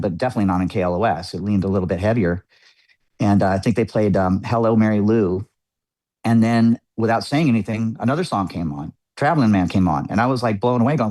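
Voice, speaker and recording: A man's voice: on the low side, fairly quick, darkish tone, no echo. A middle-aged man, a musician guest on a podcast, telling a personal story in an earnest, reflective way. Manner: earnest, reflective, chatty with frequent fillers. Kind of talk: candid interview storytelling.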